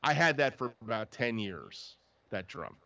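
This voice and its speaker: A man's voice: mid-range voice, animated, a little slow, pushed and bright. A man hosting a casual live chat about drums, telling long rambling stories with lots of restarts. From New Jersey. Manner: rambling storyteller with many restarts. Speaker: drummer and podcast host. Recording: dull lo-fi livestream audio.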